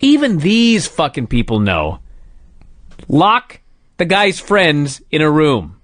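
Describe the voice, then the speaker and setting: Male host with a higher-set voice that swings widely; exasperated, profane rant in a dry, close sound. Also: huge pitch swings, slow pace, fairly bright tone, dry recording. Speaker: podcast host. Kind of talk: casual chat.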